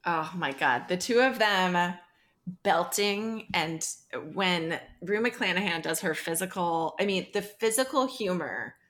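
A woman's voice: fairly low pitch, unhurried, a bit bright. A woman co-hosting a podcast in casual chat, gushing and emotional, laughing often. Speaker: podcast co-host.

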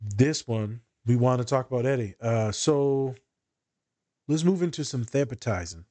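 A man's voice: mid-range voice, lively intonation, unhurried, mellow, no echo. A man hosting a casual podcast chat, easygoing and affirming, steering the talk along. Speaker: podcast host.

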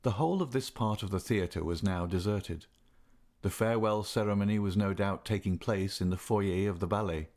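A man reads a classic novel aloud at an even, measured pace. His voice sits somewhat low, and the telling stays steady throughout. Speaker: audiobook narrator.

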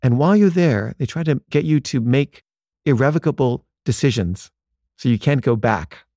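A man's voice: mid-range voice, animated, moderate pace, dark tone, no room sound, clean studio sound. A man telling a personal story in a loose conversational way, full of "like" fillers and acted-out bits of dialogue. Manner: conversational, frequent "like" fillers, acts out quoted dialogue.

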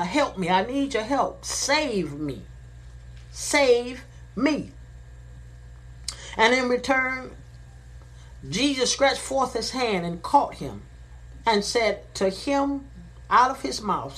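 A woman's voice: a little high, fairly bright tone. A woman preaching a sermon, reading Bible verses and then repeating and paraphrasing them in plain words. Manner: slow and deliberate, repeating phrases. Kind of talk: sermon, reading and explaining scripture.

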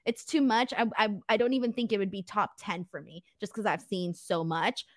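A woman's voice: mid-range voice, moderate pace, dry recording, clean studio sound. A woman hosting a casual podcast, chatty and giggly, saying "like" a lot as she reads viewer messages. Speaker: host.

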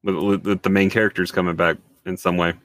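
Lower-voiced man, dry and relaxed. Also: quick pace, no room sound. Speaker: podcast co-host. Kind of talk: casual group chat about games.

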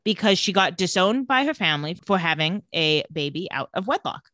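A woman co-hosting a casual podcast, recapping an episode and acting out the characters' lines with animated storytelling. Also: on the low side, brisk, no echo, studio quality. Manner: animated storytelling, acts out quotes. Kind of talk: casual chat.

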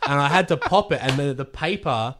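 A male pro wrestler tells a story on a laid-back podcast, acting out the quotes with lots of energy and plenty of swearing. His voice sits a little high, and he talks fairly fast.

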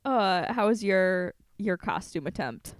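Slow-talking woman trading quips. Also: mid-range voice, expressive, no room sound, studio quality. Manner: slow, reacting with short quips. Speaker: podcast co-host. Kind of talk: casual chat.

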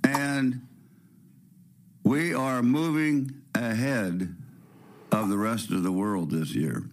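A man hosting a spiritual radio show, with a raspy voice and the sniffles from a cold. He talks in a preachy, rambling way, firing rhetorical questions and restarting his sentences. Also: mid-range voice, takes it slowly, slight background noise.

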